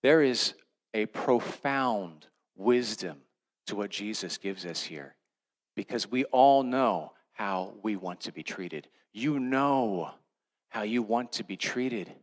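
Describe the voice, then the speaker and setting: A middle-aged man, a pastor, preaching a sermon in a conversational storytelling way, swinging between loud emphatic lines and hushed ones. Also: fairly low pitch, lively intonation, slow.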